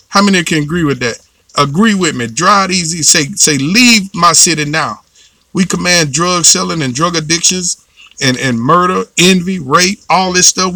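Fervent preacher man, bright forceful voice. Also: fairly high pitch, no room sound. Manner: fervent, repetitive exhortation with call-and-response. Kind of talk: sermon.

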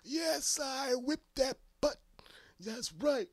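A man voicing a brash elderly male politician in a high, strained shout. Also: lively intonation, drawn-out words, dry recording, clean studio sound, exaggerated voice. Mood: boastful.

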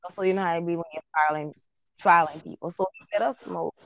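A woman telling her own life story as an interview guest, in casual, halting talk with frequent pauses and restarts. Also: on the low side, steady tone, poor audio.

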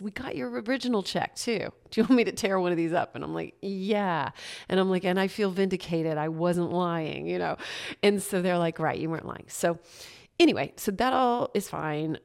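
A woman hosts her own podcast alone, telling a personal story in a casual, animated way. Her voice sits a little low, and she laughs often and acts out what other people said to her. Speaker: podcast host.

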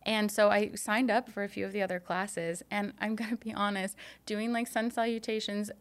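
A woman's voice: mid-range voice, flat delivery, moderate pace. A woman hosting a podcast interview, talking candidly and chattily with frequent "like"s. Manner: candid, chatty, many fillers. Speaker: podcast host.

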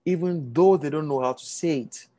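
A man with a fairly high voice and a dark tone gives a motivational talk to an audience at a moderate pace. He often checks that his listeners are following and acts out quotes in a raised voice.

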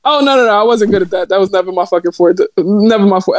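A young woman co-hosting a podcast, talking in casual, profane, animated banter and laughing a lot. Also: mid-range voice, quick pace, no echo. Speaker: podcast co-host.

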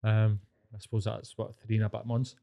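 A man's voice: lowish voice, completely flat delivery, fairly quick, vocal fry, mellow. A Scottish man co-hosting a podcast, chatting casually, blunt and full of swearing, working himself up into rants. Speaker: podcast co-host.

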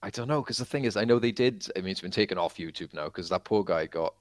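A man co-hosting a casual podcast, an animated storyteller who fills his talk with "like" and acts out quotes. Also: sits low, fast talker, dry recording. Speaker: podcast co-host. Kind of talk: casual chat.

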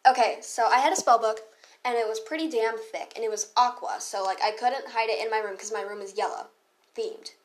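A woman's voice: on the high side, a little fast. A teenage girl hosting a podcast, ranting in a heated, profane, casual way with lots of fillers and asides. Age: teens. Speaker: podcast host.

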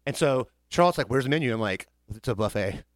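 A man with a drawl, spinning a comic story in a dry, close-miked room. His pitch sits in the middle of the range, and he jumps up into high put-on voices for the people he quotes. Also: animated, quick pace, dry recording. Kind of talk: casual storytelling chat.

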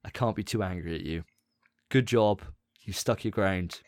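A man hosting a podcast in casual chat, animated and often laughing. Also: deep voice, dry recording, studio quality. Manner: animated, laughing, quick asides. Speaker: podcast host.

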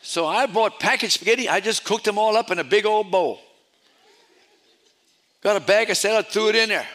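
A man's voice: high voice, moderate pace, pauses often. A man preaching a sermon, telling stories animatedly and often repeating his words. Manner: animated storytelling with repetitions.

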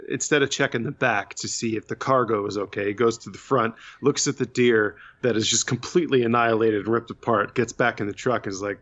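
A man casually recapping a bad movie with a co-host, relaxed and full of ums. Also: medium pitch, fairly quick, few pauses, muffled recording, slight background noise. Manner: laid-back, filler-heavy retelling. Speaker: podcast co-host.

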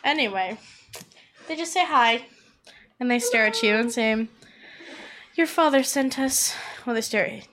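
A woman game master narrating a tabletop role-play, easygoing and quick to laugh. Her voice sits a little high. A faint noise runs underneath. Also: animated, sharp tone.

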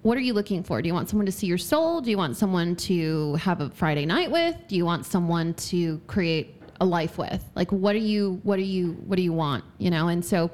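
Woman podcast guest, giggly and bubbly, swooping animated pitch. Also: fairly quick, few pauses. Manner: giggly, bubbly, lots of laughter. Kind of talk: casual podcast chat.

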